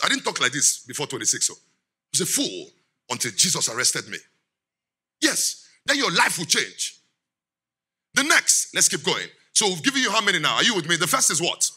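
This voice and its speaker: A middle-aged man, giving a lively sermon as guest speaker, laughing often and quizzing the congregation. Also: high voice, slightly rough.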